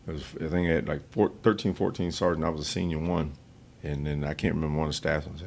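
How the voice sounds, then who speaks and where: A man's voice: a bass voice, fairly even intonation, fast, vocal fry, darkish tone, a little hiss or hum. A man, hosting a podcast and telling stories in a blunt, profane way. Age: 50s. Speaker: podcast host. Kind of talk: casual podcast chat.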